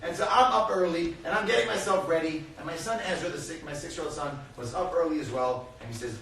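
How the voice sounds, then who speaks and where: A man speaking as a guest at a parenting talk, telling a lively personal story to a live audience and acting out the voices in it. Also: fairly high pitch, quick pace, hardly any pauses. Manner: animated, laughing, acts out voices in his stories. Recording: echoey hall, far mic, crowd noise.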